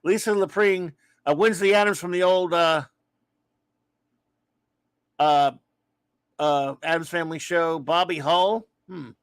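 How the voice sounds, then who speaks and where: A man from Louisiana chats live about comics in a high, easygoing voice. He rambles from one opinion to the next and greets viewers warmly. The sound is dry and close, with no room around it. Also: fairly even intonation, a little slow, pauses often, clean tone, no echo. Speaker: livestream comics talk host. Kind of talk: casual live-stream chat reading viewer comments.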